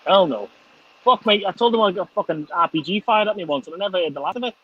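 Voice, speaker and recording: A man's voice: high voice, animated, fast talker, slightly rough, highs cut off. A middle-aged man hosting a casual chat, laughing and swearing freely. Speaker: host.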